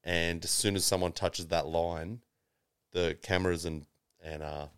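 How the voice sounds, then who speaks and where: A laid-back man chatting on a sports betting podcast. His voice is very low, smooth and resonant, and he rambles on like a storyteller. It is recorded close and dry. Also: steady tone, a little slow, fairly bright tone, dry recording. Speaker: podcast co-host. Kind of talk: casual sports betting chat.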